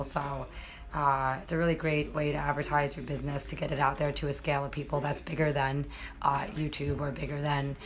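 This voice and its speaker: Low-voiced New woman streaming live. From New York. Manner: chatty, profane, talks to viewers in the chat. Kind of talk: casual live-stream chat.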